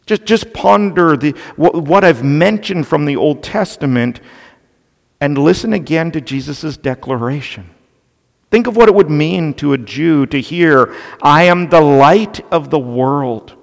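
A man preaching an expository sermon, slow and deliberate, stressing key points with emphasis. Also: a little high, expressive, creaky. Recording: long reverb of a large hall.

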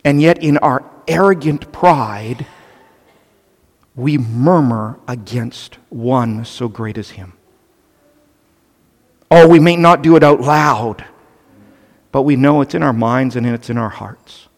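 A man's voice: medium pitch, slow, long pauses. A male pastor preaching a sermon earnestly and with animation, turning to the children with playful asides. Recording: long reverb of a large hall.

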